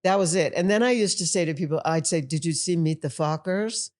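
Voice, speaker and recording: Lively older woman teacher telling stories. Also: on the low side, brisk. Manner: animated storyteller, acts out quoted voices. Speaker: guest, tantra teacher. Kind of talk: casual podcast conversation.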